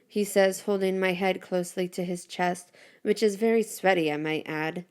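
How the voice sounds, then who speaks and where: A woman reading a first-person story aloud with an expressive, dramatic delivery. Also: lowish voice, moderate pace, few pauses, clear, resonant tone.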